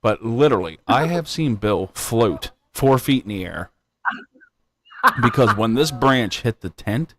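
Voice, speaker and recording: A man's voice: medium pitch, lively intonation, unhurried. A man hosting a live stream, chatting casually and telling rambling stories with frequent laughter. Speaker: livestream host.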